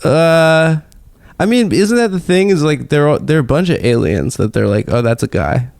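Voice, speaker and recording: A man co-hosting a comedy podcast, talking in a halting, casual way, trailing off with fillers. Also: fairly high pitch, creaky, a little mellow. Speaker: podcast co-host.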